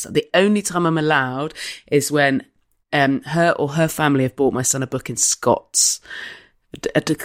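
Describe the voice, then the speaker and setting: A woman's voice: a bass voice, no echo, studio quality. A woman co-hosting a comedy podcast in casual chat, wry and understated, recorded remotely. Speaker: comedian co-host.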